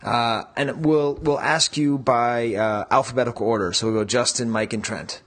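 Husky laughing podcast host man. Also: mid-range voice, steady tone, normal speed, a bit bright. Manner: laughing, rambling with many restarts. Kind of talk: casual podcast chat.

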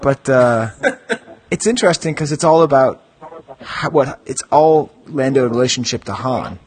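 A man's voice: medium pitch, animated, moderate pace, a little mellow, slightly rough. A man hosting a podcast, chatting and reading descriptions aloud with amused mock gravity. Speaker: podcast host.

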